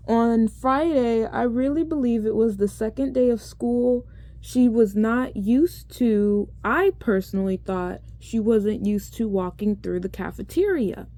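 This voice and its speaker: A woman's voice: mid-range voice, warm tone, dry recording. A young woman, a teaching assistant, chatting casually to her vlog audience and retelling classroom scenes with many rambling asides.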